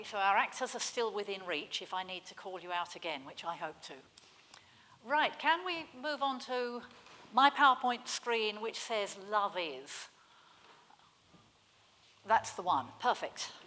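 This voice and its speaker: Brief: friendly woman service leader, bright, church hall reverb. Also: mid-range voice.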